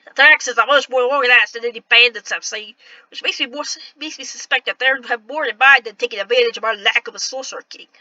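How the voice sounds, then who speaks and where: Reading the same kind of game dialogue, this woman sits on the high side with a bright, forceful tone as she tries an accent for a worldly city informant. She stumbles and keeps restarting lines. There's no room sound, and the audio is lo-fi.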